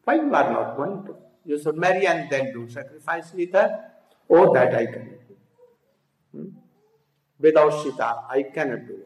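A man telling a devotional story as a spiritual teacher, halting and often checking in with listeners. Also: on the high side, a little mellow, echoey room, poor audio. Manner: slow, halting storytelling with frequent "hmm?" prompts to listeners.

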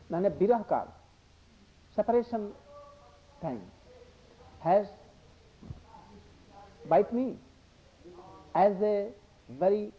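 Slow-speaking older man giving a devotional talk. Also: sits high. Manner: halting, repetitive phrasing with Hindi asides. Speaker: religious speaker. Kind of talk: devotional discourse. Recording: dull lo-fi recording.

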